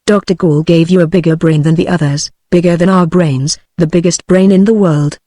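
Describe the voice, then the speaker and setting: Synthetic British woman reading earnest young lady, even delivery, dry sound. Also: on the low side, normal speed, no room sound, close to an everyday voice. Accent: British English.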